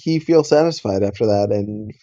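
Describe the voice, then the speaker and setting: A man co-hosting a comedy podcast, making dry, deadpan asides. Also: lowish voice, moderate pace, lo-fi sound. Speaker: podcast co-host.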